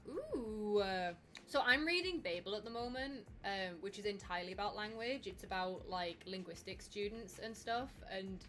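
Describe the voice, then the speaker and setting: A woman's voice: mid-range voice, fairly bright tone. A young woman from the north of England, chatting casually on a cosplay livestream. She rambles and fills her talk with ums and likes. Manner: chatty, rambling with many fillers. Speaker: cosplay streamer. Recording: music playing behind.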